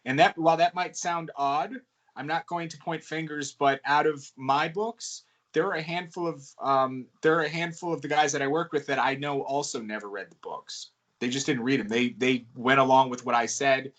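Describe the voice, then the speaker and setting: A man from the United States, a guest author answering interview questions in a relaxed, rambling way with many fillers. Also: medium pitch, normal speed. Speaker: guest author and wrestling ghostwriter. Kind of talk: casual podcast interview answers.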